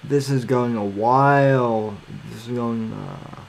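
A man hosting his podcast in casual talk, halting and searching for words as he sets up a clip. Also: mid-range voice, gravelly, slight background noise. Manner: halting, searching for words while working the screen. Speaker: podcast host.

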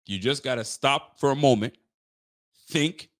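A man's voice: medium pitch, a little slow. A man hosting a casual live sports talk show, talking emphatically to his viewers and often restarting his sentences. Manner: excitable, emphatic, frequent restarts; chats directly to live viewers. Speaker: sports fan show host.

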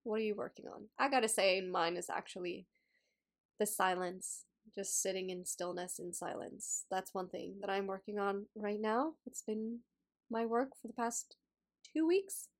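A young woman with a slightly nasal voice hosts her own podcast in a relaxed way. She repeats her phrases and speaks straight to her listeners with encouraging questions. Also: medium pitch, normal speed. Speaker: podcast host and yoga teacher. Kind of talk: casual solo podcast talk.

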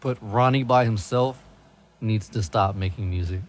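A man's voice: lowish voice, normal speed. Young man in crude joking banter. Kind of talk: casual chat.

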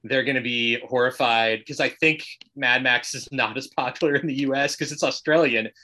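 A man's voice: mid-range voice, steady tone, moderate pace, bright, forceful tone. An American man chatting as a podcast guest, rambling with lots of fillers and self-corrections. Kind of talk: casual chat.

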